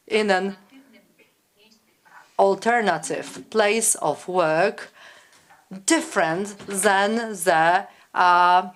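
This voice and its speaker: A woman interpreting academic conference talks in real time, measured and pausing often with hesitations. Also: fairly low pitch.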